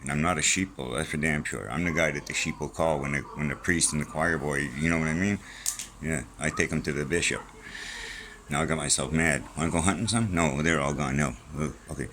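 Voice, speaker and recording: A man's voice: rumbling low, brisk, pushed and bright, a little hiss or hum, poor audio. A middle-aged man rambling casually and profanely in a vlog from a small room at home, jumping from topic to topic. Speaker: vlogger.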